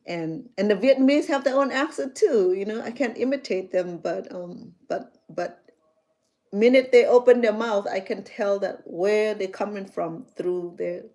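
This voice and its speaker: A woman's voice: medium pitch, a little slow, mellow. A middle-aged woman with a Khmer accent, chatting casually as a chef and vlogger, rambling with lots of fillers and restarts. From Cambodia. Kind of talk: casual chat.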